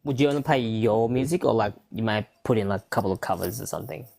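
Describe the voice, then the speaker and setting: A young woman with a strikingly low voice hosts a relaxed podcast chat. She is laid-back and curious, and she swears casually as she reminisces with a friend. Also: fast talker, vocal fry. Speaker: podcast host.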